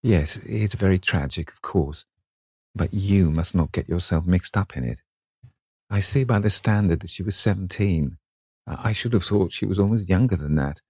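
A man voicing a witty, cynical aristocratic gentleman in an urbane, measured manner. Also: low voice, lively intonation, creaky, husky, dry recording, clean studio sound, full character voice. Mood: grave. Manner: urbane, epigrammatic.

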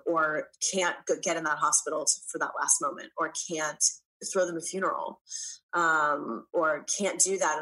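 A woman in her thirties, a guest in a casual, heartfelt conversation, speaking earnestly and reflectively, pausing often to find her words. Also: low-pitched, pushed and bright, low-quality recording. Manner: earnest, reflective, hesitant with fillers.

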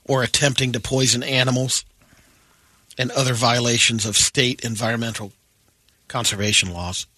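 A male radio news reader running through odd stories in a matter-of-fact, deadpan way. His voice is bright and close, with a dry studio sound. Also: mid-range voice, normal speed, pauses often, dry recording. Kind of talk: reading offbeat news stories on air.

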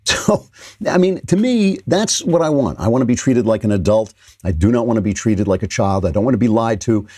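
A man's voice: lowish voice, expressive, brisk, warm tone, no room sound. An older man hosting a political commentary show, delivering an opinionated monologue with sarcastic asides and frequent restarts.

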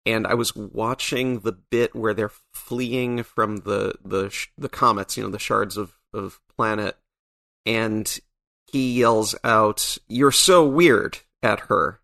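A man's voice: on the low side, fairly even intonation, slow pace, vocal fry, pushed and bright. A man, a comic book writer, talking in a casual podcast conversation, thoughtful and wry, with frequent restarts.

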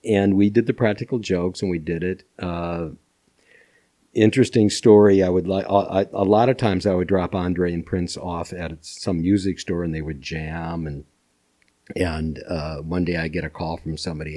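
An older man, a former music manager and podcast guest, telling animated stories with frequent laughter. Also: deep voice, moderate pace. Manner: animated, laughs often, acts out voices. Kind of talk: anecdotal storytelling.

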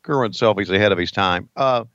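A man's voice: fairly low pitch, brisk, fairly bright tone, clean tone, dry recording, dull audio. A man co-hosting a casual podcast, folksy and emotional, often stumbling over his words. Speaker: co-host, former wrestling announcer.

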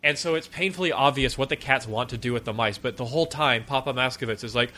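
Bright, animated man chatting casually. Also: medium pitch. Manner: animated, sarcastic, quick with jokes. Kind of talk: casual film-review chat.

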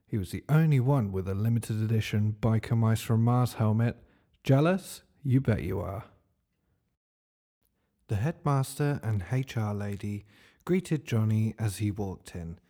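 A man narrating a comic story in a dry, deadpan way. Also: lowish voice, a little slow.

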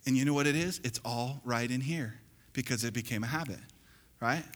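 A male pastor preaching a sermon, calling on the congregation to repeat after him and building to loud exhortation. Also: mid-range voice, brisk. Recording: long hall reverb.

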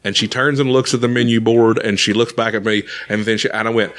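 A man's voice: fairly low pitch, brisk, hardly any pauses. A man telling a long comic story on a podcast, swearing freely and acting out the people in it. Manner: profane, animated, acts out characters. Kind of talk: casual comedic storytelling.

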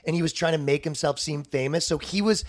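A man's voice: fairly high pitch, quick pace. A man hosting a podcast, prodding his guest with questions and laughing easily. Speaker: podcast host. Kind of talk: casual podcast chat.

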